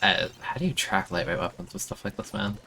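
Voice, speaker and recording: A young man streaming a game, complaining in an exasperated, self-mocking way, with sudden high-pitched outbursts. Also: sing-song, brisk, vocal fry, sharp tone, a little hiss or hum. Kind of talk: casual live-stream commentary.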